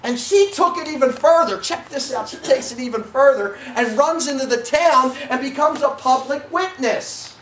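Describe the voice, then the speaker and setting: High-voiced, excitable preaching man. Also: moderate pace, hardly any pauses. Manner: animated, folksy preaching that breaks into shouts. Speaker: pastor. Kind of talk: sermon. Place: church sanctuary. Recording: echoey church from a distance.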